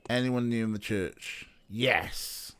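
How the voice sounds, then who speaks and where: A man's voice: fairly low pitch, slow pace, a bit bright, clean tone. A man hosting a let's play, joking and thinking aloud as he plays an adventure game. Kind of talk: casual gaming commentary.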